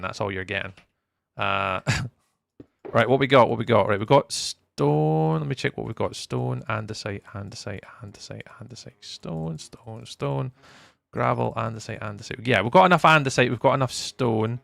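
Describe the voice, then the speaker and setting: A man with a gravelly, bright voice talks casually into a dry close desk mic, chatting with his stream audience. Faint game music plays underneath as he rambles through chat, now and then jumping into excited bursts. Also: medium pitch, normal speed, no echo. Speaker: livestreamer. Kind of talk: casual livestream chat while gaming.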